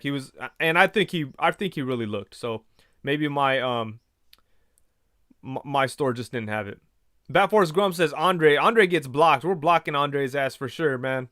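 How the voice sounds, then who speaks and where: Male livestream host, fairly high, smooth and dry-sounding, loose rambling chat. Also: normal speed, fairly bright tone, no echo. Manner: rambling storyteller, retells conversations in quoted voices. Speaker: livestream host reading viewer comments. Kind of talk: casual chat.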